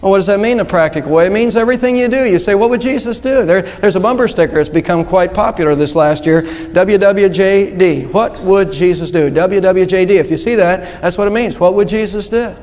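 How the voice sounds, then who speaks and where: A man's voice: high voice, fast talker, hardly any pauses, darkish tone. A man preaching a sermon in an earnest way, quoting scripture and telling a story to a congregation. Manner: earnest, storytelling with quoted voices. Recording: long hall reverb.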